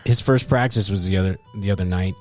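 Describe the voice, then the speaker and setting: A man's voice: low voice, fast, soft background music. A man hosting a casual podcast chat, telling stories with frequent laughter. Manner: animated storyteller who laughs often. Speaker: podcast host.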